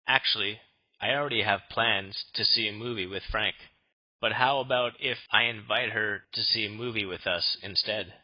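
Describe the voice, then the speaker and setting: A man's voice: on the low side, moderate pace, natural voice. A man playing an easygoing college student in a scripted textbook dialog. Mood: casual. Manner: casual, easygoing. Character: laid-back male college student. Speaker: dialog actor. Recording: muffled lo-fi studio recording.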